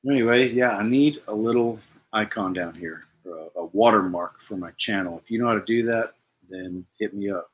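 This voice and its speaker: A man's voice: fairly low pitch, moderate pace. A man hosting a casual live stream, rambling and self-deprecating as he answers viewers' comments. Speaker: livestream host.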